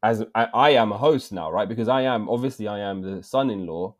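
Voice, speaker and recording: A man's voice: fairly low pitch, a little fast. A man with an English accent in his thirties, telling a story in casual podcast chat with lots of slang. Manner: slangy, animated, drops in "bruv" often. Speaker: podcast co-host.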